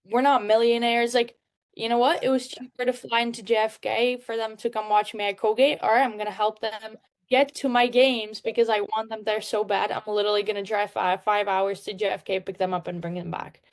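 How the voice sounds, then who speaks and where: A woman's voice: medium pitch, level tone, a little fast. Young Czech-born woman, twenties, upbeat and chatty, casual interview guest. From Czech Republic. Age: 20s. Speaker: guest, hockey player.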